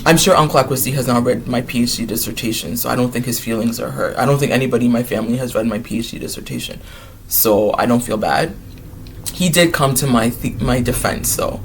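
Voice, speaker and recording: A man of Ghanaian heritage chatting casually and excitably in a vlog, wandering from topic to topic. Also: medium pitch, fast, slight background noise. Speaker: vlogger.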